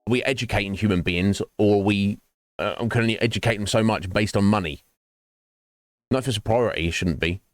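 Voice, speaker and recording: A man's voice: on the low side, a little fast, no echo, studio quality. A man chatting casually with viewers during a game stream, rambling from topic to topic. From United Kingdom. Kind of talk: casual chat while gaming.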